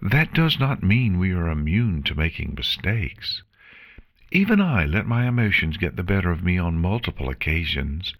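A man voicing a gentle, regal elder pony princess in a fan fiction reading, speaking in a soothing, reassuring way. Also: low voice, sing-song, normal speed, exaggerated voice. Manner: warm, soothing, reassuring speech.

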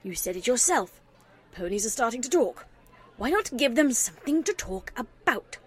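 A woman voicing a grieving young mare musician, weary and bitter, speaking low and subdued. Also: sing-song, moderate pace, breathy edge.

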